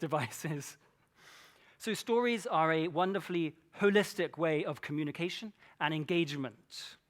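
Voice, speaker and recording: A man with a notably high voice gives a conference keynote from a stage mic. He speaks with playful energy and keeps the audience involved through rhetorical questions. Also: a bit bright. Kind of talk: conference talk.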